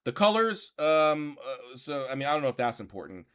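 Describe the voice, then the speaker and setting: A man's voice: mid-range voice, very animated, fairly quick, few pauses, fairly bright tone, clean tone. A man hosting a reaction commentary, reading passages aloud and arguing back in an exasperated tone, swearing now and then. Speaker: commentary channel host.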